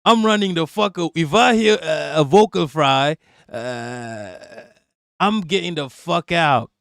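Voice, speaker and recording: A man's voice: a little high, normal speed, creaky, a bit bright, no room sound. Profane mocking male streamer, dry mic. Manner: profane, mocking, laughs often. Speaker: live stream host. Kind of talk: casual reaction rant.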